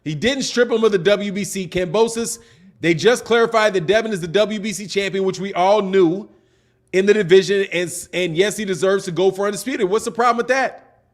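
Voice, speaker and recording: Boxing talk-show host, male, pitched high for a man, exasperated casual livestream ranter. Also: brisk. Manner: exasperated, ranting, peppers sentences with "man". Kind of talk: casual livestream commentary answering chat.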